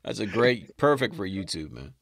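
A man's voice: fairly low pitch, very animated, normal speed, vocal fry, a bit bright, no room sound. A man co-hosting and reacting with brief comments in casual chat.

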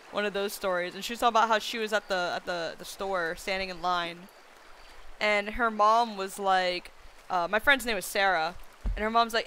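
A woman's voice: mid-range voice, pushed and bright, a little hiss or hum. A young woman streamer chatting casually while gaming, telling a rambling story and laughing a lot.

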